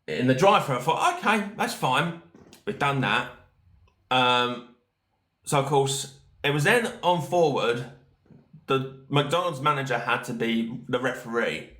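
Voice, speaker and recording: Male podcast host, casual rambling storyteller, a bit high-pitched, echoey room. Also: unhurried, long pauses, fairly bright tone. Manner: rambling, many fillers and restarts. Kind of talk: casual storytelling while reading chat.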